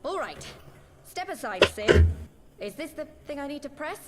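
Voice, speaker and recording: A man voicing an earnest young woman fighter from a game in a soft falsetto, heard through a voice filter. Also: sing-song, moderate pace, soft background music. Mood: resolute. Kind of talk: reading game dialogue aloud.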